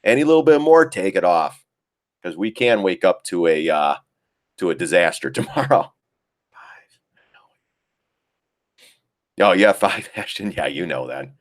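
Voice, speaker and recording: A man's voice: low voice, lively intonation, moderate pace, no room sound, clean studio sound. A middle-aged man hosting a casual trading live stream, rambling and joking, swearing casually and laughing often. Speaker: live-stream market host.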